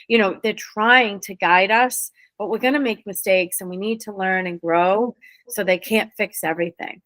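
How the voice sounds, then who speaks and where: Guest woman, medium-pitched, quick and animated explanations, dry close recording. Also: no room sound. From New England. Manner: lively, fast-flowing explanations. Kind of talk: casual interview talk.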